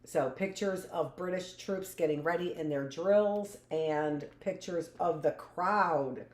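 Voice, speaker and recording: A woman's voice: lowish voice, slow. A woman teacher reading a history book aloud in a live class and breaking off for chatty asides that end in "right?". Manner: reads passages aloud, then adds conversational asides with "right?".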